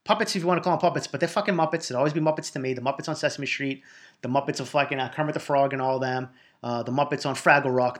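Brief: man in his 40s, podcast host, cursing and rambling, quick and a touch high. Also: pushed and bright. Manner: profane, rambling, hyped-up. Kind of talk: solo casual monologue.

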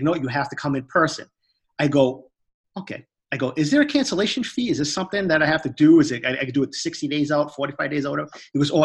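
A man's voice: on the high side, a bit bright. A man in his thirties telling a story on a casual call, ranting and swearing as he acts out both sides of the conversation. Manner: profane, fired-up ranting with acted-out dialogue.

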